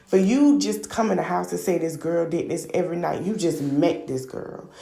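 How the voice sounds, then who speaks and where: A woman's voice: fairly low pitch, moderate pace, vocal fry, warm tone, roomy sound. A woman hosting a podcast, casually recapping a reality show in a gossipy, opinionated, slangy way. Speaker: podcast host.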